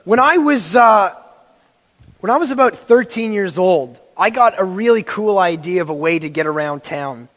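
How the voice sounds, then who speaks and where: Male preacher, high voice, animated storyteller, acts out quotes, reverberant hall. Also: normal speed. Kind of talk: sermon with personal story.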